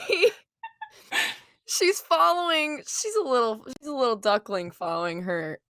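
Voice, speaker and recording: A woman player talks slowly between giggles, her voice bright and lively in pitch. It sounds close and dry. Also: no room sound. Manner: giggly, unhurried. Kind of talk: tabletop role-play chat.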